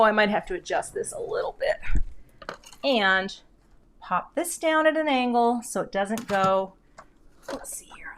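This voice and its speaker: A woman's voice: on the high side, slight background noise. A middle-aged woman hosting a live card-making demo at home, chatting and joking about herself as she works. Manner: chatty, self-deprecating, talks while working. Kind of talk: live crafting demo chat.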